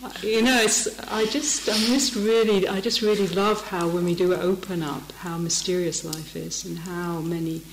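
A woman's voice: on the low side, steady tone, normal speed, hardly any pauses, background noise. A middle-aged woman, giving a dharma talk as a meditation teacher, telling stories and laughing often. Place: meditation hall. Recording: echoey meditation hall.

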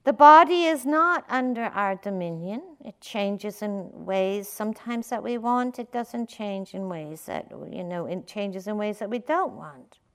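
A woman's voice: mid-range voice, animated, a little slow, hardly any pauses, a bit bright. Playful, conversational woman meditation teacher. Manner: conversational, many fillers, playful with laughs. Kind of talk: dharma talk.

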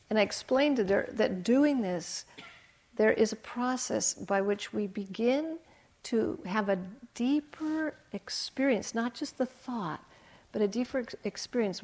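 A woman meditation teacher giving a dharma talk in a calm, gentle voice with a gravelly texture. She often sinks into a soft hush while retelling guidance. Her pitch sits in a middling register. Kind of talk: dharma talk with retold dialogue.

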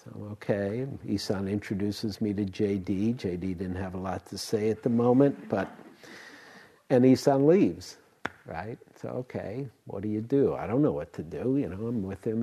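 An older man who teaches meditation gives a dharma talk, wandering from story to story with restarts and quiet laughter. His voice sits lowish and slightly rough, and he speaks at a normal speed.

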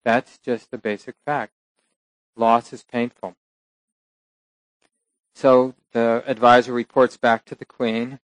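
A man's voice: medium pitch, little pitch movement, dry recording, poor audio. Reflective man giving a dharma talk. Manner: unhurried, reflective, with occasional laughs and self-corrections. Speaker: meditation teacher. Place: meditation center hall.

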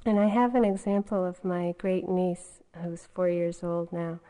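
A woman's voice: fairly low pitch, steady tone, a little slow, dark tone, poor audio. A woman meditation teacher giving a dharma talk in a conversational way, often adding "you know" as she goes.

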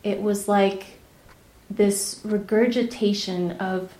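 A woman meditation teacher giving a dharma talk, telling a personal story candidly, laughing often and dropping to soft, near-whispered asides. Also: medium pitch, fairly even intonation, slow pace, echoey room. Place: retreat center meditation hall.

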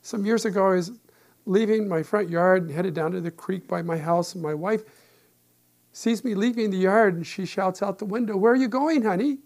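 Gravelly older man giving a meditation talk. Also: high voice, normal speed. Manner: calm, reflective, with gentle humor. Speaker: meditation teacher and therapist.

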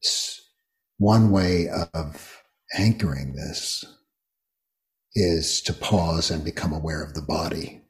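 An older man guiding a meditation talk, speaking slowly and gently with many long pauses. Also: rumbling low. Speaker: meditation teacher. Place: retreat hall.

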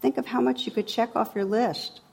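A woman's voice: on the high side, steady tone, moderate pace, vocal fry, a little mellow, slightly rough. A middle-aged woman giving a dharma talk as a meditation teacher, wry and humorous, then reflective.

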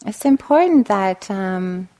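A woman meditation teacher giving a gentle dharma talk, telling stories and often checking in with "right?". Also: medium pitch, expressive, slow pace. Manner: gentle, storytelling, frequent "right?". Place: meditation hall.

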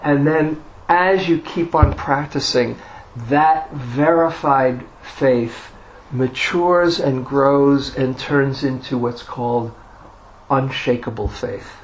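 A man giving a dharma talk as a meditation teacher, telling a personal story in an unhurried way with self-deprecating humor. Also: medium pitch, slight background noise, poor audio.

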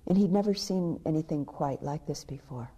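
A woman meditation teacher giving a dharma talk. She tells a story softly, often dropping to a hushed near-whisper. Her voice is low, very dark and husky. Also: normal speed. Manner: soft, storytelling with hushed passages.

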